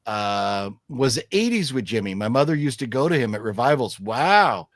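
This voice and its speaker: A man's voice: medium pitch, big pitch swings, moderate pace, no echo. Man, live-stream host, casual chat, reads comments, dry close sound. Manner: reads viewer comments aloud with many fillers.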